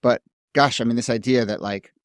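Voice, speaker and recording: A man's voice: mid-range voice, brisk, dry recording, studio quality. A man hosting a podcast, speaking casually and appreciatively. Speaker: podcast host. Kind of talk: podcast discussion.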